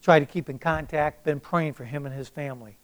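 An older man preaches a sermon at a brisk pace with a steady tone. He reads scripture with booming emphasis, then tells a personal story plainly and conversationally.

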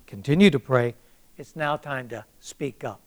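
Reading scripture with booming force, an older preacher then relates a personal story in a plain, chatty way. He speaks a little slowly, with a darkish tone.

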